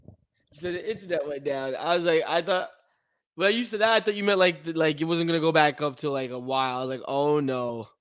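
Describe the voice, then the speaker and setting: A man's voice: a little high, brisk, a bit bright, clear, resonant tone. Rambling, yawning young guy. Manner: chatty, rambling, yawning often. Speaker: podcast co-host. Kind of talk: casual livestream chat.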